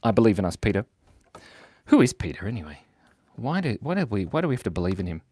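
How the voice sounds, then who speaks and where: Playful, lively man hosting a drawing livestream. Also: fairly low pitch, quick pace, husky, no echo. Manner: playful, joking and self-mocking; laughs often while talking. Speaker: livestream host drawing for viewers. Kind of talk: casual live chat reading viewer comments.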